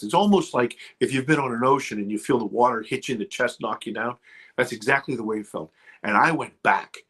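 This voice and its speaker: Husky middle-aged guy spinning a dramatic story, voice drops low then jumps up, lots of restarts. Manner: dramatic, swings from loud to hushed, many restarts. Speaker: guest filmmaker. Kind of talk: animated storytelling.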